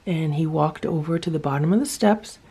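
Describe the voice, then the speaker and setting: A woman's voice: low-pitched, fairly quick, mellow, slightly rough. A woman narrating a casual home vlog, chatting about her cats and talking to them as she films. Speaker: cat rescuer vlogger.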